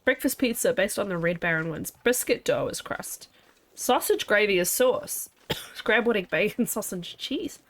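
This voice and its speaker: Chatty New Zealand woman streamer, lively pitch. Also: moderate pace. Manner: chatty, laughs often, talks to chat and herself. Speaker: game streamer. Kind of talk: casual chat while playing.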